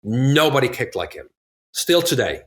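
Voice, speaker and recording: Middle-aged male guest, lively storyteller who acts out quotes, casual interview. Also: medium pitch, normal speed. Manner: animated, acts out quotes from others, laughs often. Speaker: podcast guest, actor.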